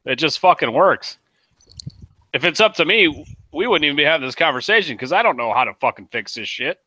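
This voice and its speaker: A man hosting a casual chat among friends, profane and quick to laugh. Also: a little high, animated, sharp tone, no echo. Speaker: podcast host.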